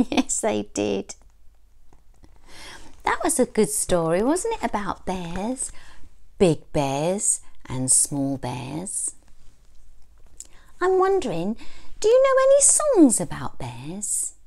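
A woman reading a storybook aloud to young children, slow and expressive, with gasps and questions to the listeners. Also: mid-range voice, creaky. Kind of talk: storytime reading for under-fives.

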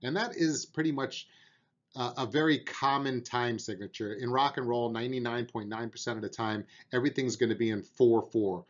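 A man's voice: medium pitch, normal speed, highs cut off. A man teaching a beginner drum lesson, patiently explaining and counting out beats aloud, with an encouraging manner.

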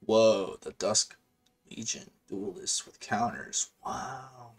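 Narrating his own gameplay live, a male host keeps up a chatty, slangy, excitable commentary while thinking aloud. He talks slowly with a fairly low pitch.

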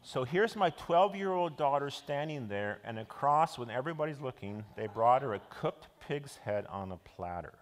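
A man's voice: medium pitch, expressive, moderate pace, few pauses. A middle-aged male pastor giving a conversational sermon, with frequent fillers and restarts. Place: church. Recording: long church hall reverb.

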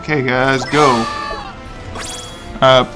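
A man's voice: medium pitch, little pitch movement, extremely slow, music in the background, crowd noise. A young man giving crude, jokey let's play commentary, laughing often. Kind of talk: casual gameplay commentary.

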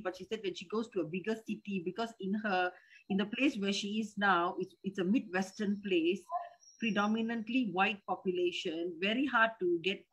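A woman's voice: mid-range voice, fairly bright tone, slightly rough, poor audio. A middle-aged Malaysian woman with a Malaysian English accent, speaking respectfully and hesitantly to her teacher, often repeating words as she restarts. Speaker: disciple calling in with a question. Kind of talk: casual chat.

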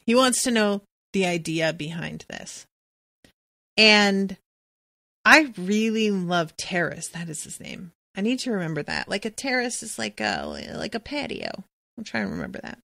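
Woman podcaster recapping a book, swears a lot, lively, dry close mic. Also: medium pitch, normal speed, creaky, no room sound. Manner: animated, profane, jumps into quoted voices. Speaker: podcast host. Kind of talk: casual book recap with readings.

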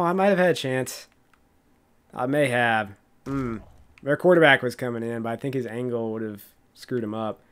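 An excitable man talks through his own video game plays in loose, casual commentary. He thinks aloud about each call and bursts out laughing at big moments, with a voice that cracks now and then. His pitch sits in an ordinary middle range. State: voice cracking, coughing. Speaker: gaming YouTuber playing a football video game.

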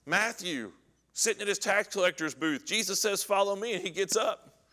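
A man leading an adult Bible class with a somewhat high voice that rings bright and sharp. He is animated, acting out scripture quotes and firing questions at the class. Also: normal speed, in a large hall.

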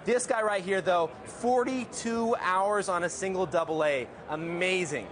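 A man's voice: high-pitched, measured pace, a bit bright. A man reporting from a convention floor, enthusiastically showing off gadgets. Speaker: field reporter. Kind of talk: casual gadget demo.

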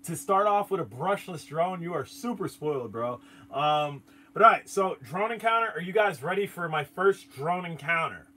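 An excitable man hosts a casual live stream and talks straight to his viewers. His voice sits a bit high, leaps all over the place, and has a bright, edgy ring. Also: normal speed. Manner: excitable, animated, chats with viewers. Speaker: channel host.

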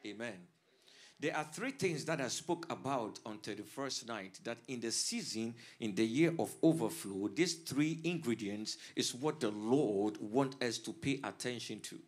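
A man's voice: medium pitch, expressive, unhurried. A man from Africa, a pastor preaching a sermon with fervor that swells in volume. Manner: fervent preaching that swells in volume, punctuated with "hallelujah". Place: church service streamed online.

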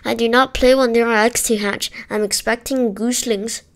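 A woman's voice: a little high, steady tone, normal speed, lightly acted. A woman voicing a fussy mother goose who stammers and repeats her words in a rush, in a read-aloud storybook. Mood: flustered.

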